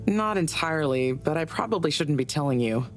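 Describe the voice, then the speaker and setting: Low-pitched, chatty middle-aged woman who says too much, game character. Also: expressive, fairly quick, slight background noise. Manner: chatty, gossipy. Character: chatty, indiscreet married woman scientist.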